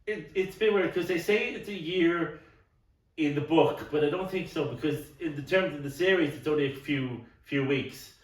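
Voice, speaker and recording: A man's voice: fairly high pitch, normal speed. A middle-aged man co-hosting a podcast in casual chat, rambling and stumbling over repeated words, with a cough now and then. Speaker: podcast co-host. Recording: roomy, distant mic.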